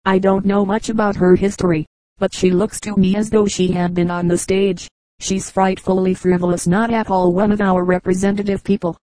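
A woman voicing a prim, disapproving young woman who gossips about a neighbor, read in a dark, dry audiobook voice. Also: medium pitch, flat delivery, normal speed, dry recording, close to an everyday voice, rough recording. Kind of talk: audiobook character reading.

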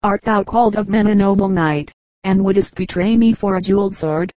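A woman's voice: medium pitch, brisk, warm tone, no room sound, natural voice, poor audio. A woman voicing a dying king who speaks in solemn, archaic commands in a storybook reading. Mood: grave.

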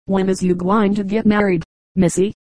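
A woman's voice: medium pitch, level tone, normal speed, warm tone, dry recording, close to an everyday voice. A woman voicing a kindly old female housekeeper in a read-aloud joke book, speaking in a folksy, consoling way.

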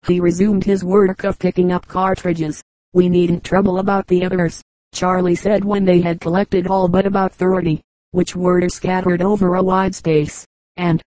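A woman narrating an adventure novel in a steady, even reading that also voices the dialogue. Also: fairly low pitch, no room sound, poor audio. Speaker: audiobook reader. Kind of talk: scripted narration.

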